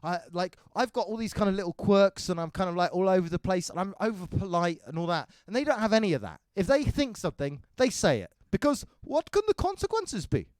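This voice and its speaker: High-voiced scattered English comedian. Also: male voice, sing-song, darkish tone, no echo. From England. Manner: rapid, scattered, self-mocking, swears a lot. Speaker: stand-up comedian. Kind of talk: stand-up set. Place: comedy club stage.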